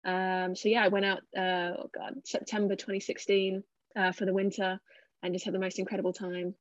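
A woman's voice: mid-range voice, level tone, brisk, no room sound. Young English woman, interview guest, chatty and modest, dull dry sound. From England. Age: 20s. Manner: chatty, self-deprecating, many fillers. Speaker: cricketer guest. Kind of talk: casual interview answers.

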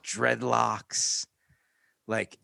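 A man's voice: medium pitch, little pitch movement, extremely slow, vocal fry, pushed and bright, dry recording. A man from New York telling a rambling, profane story in casual chat on a close studio mic.

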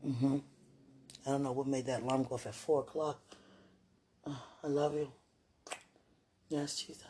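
A woman murmuring an emotional spoken prayer, soft-spoken and soothing herself. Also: very deep voice, steady tone, normal speed, long pauses, slightly rough. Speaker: mother.

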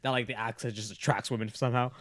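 A man's voice: medium pitch, fairly even intonation, very fast, fairly bright tone, no echo. A man co-hosting a podcast, bantering casually with frequent laughs, swearing and stammered repeats. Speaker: podcast co-host.

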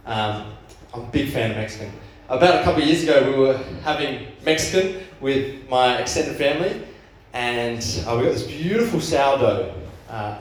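A man's voice: medium pitch, reverberant. A man who is the pastor for youth and young adults, giving a sermon in a casual, storytelling way. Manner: casual storytelling with rising excitement. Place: church hall.

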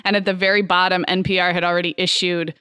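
A woman's voice: on the low side, little pitch movement, fast talker, pushed and bright, clean tone, dry recording, studio quality. A woman in her thirties co-hosting a podcast, chatting casually and laughing often. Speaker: podcast co-host. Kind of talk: casual chat.

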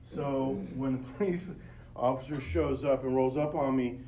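A man's voice: medium pitch, fairly even intonation, normal speed, warm tone, a little hiss or hum. A middle-aged man hosting a podcast, telling a personal story in an earnest, conversational way and speaking straight to his listeners. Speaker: podcast host.

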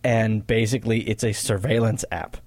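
A man co-hosting a casual gaming podcast, talking in a relaxed, slightly wry way. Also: lowish voice, normal speed, dry recording. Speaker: podcast co-host.

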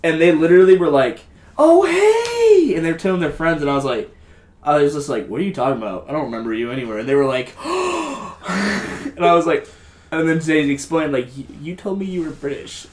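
A man's voice: fairly high pitch, sing-song, fairly quick, roomy sound. A young man co-hosting a podcast, telling a story in a casual, swearing, laughing way. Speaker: podcast co-host. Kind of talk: casual group chat.

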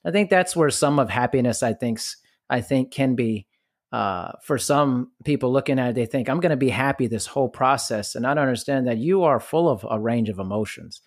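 A man hosts a podcast in a relaxed, musing way. He restarts his thoughts as he goes. His voice is dry and close, with no room sound. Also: medium pitch, a little fast, no echo. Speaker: podcast host. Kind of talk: casual podcast interview.

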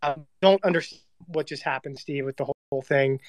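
A man's voice: mid-range voice, fast talker, dry recording. Man talking in a dry close room. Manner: rambling, repeats words while thinking. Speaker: host. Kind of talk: casual panel discussion.

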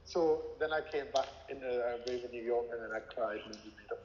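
A man's voice: mid-range voice, quick pace, noisy background. Rambling man in an echoey room. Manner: rambling, frequent swearing and filler words. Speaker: interview guest, former music manager. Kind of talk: casual storytelling. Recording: echoey room with long reverb, dull lo-fi sound.

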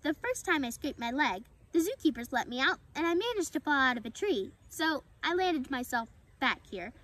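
A woman voicing an excitable, chatty little male squirrel with a high, quick voice in a storybook reading. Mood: cheerful.

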